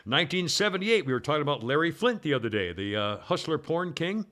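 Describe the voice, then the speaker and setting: A man's voice: fairly high pitch, very animated, fast, a bit bright. A man hosting a talk radio show, reading this-day-in-history items in a rambling way, full of uhs and restarts.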